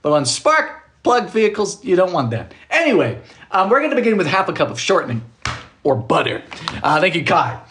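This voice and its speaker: A man's voice: sits high, big pitch swings, a little fast, a bit bright. A man chatting on a live stream from his home kitchen, reading viewers' comments aloud and cracking jokes as he bakes. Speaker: home baker livestreaming. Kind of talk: casual live-stream chat.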